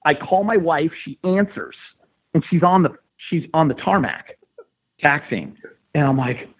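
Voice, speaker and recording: A man with a husky voice tells an excited story on a podcast, his pitch jumping high as the tale builds. He sounds tinny and narrow, as if he is on a phone line. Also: fairly quick. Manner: excited, animated retelling with rising pitch. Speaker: sports radio host.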